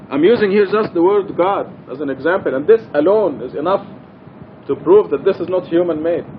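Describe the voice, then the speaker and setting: A middle-aged man giving an informal, earnest religious study talk in a mosque, explaining and emphasizing his points. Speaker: Quran study teacher. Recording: dull lo-fi archival recording with faint rumble.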